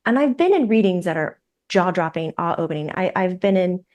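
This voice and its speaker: A woman, a psychic medium who is a guest on a podcast, tells stories in a lively way and acts out the voices of the people in them. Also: on the low side, a little fast. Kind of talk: conversational storytelling.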